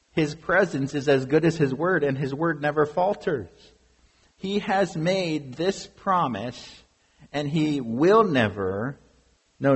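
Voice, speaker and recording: A man's voice: mid-range voice, breathy edge. A man preaching a sermon as pastor, earnest and emphatic, asking his congregation questions. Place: church sanctuary. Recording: long reverb of a large hall.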